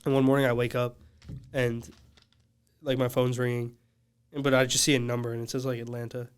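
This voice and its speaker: A laid-back man tells studio stories on a podcast, his voice smooth and clear. He talks in loose slang and breaks into laughter often. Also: mid-range voice, flat delivery, fairly quick. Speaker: guest, studio engineer. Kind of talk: casual podcast storytelling.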